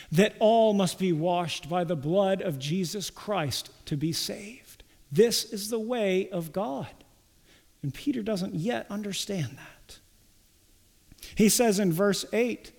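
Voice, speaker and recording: Slow, high-voiced preacher in a hall. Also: male voice, a little mellow. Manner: slow, deliberate preaching with emphatic quoted lines. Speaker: pastor. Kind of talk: sermon.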